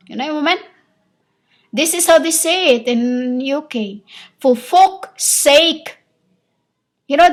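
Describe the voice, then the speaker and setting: A woman giving a rambling spiritual monologue as a self-styled prophetess, halting, full of pauses and repeated phrases, in an insistent, lecturing tone. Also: a little high.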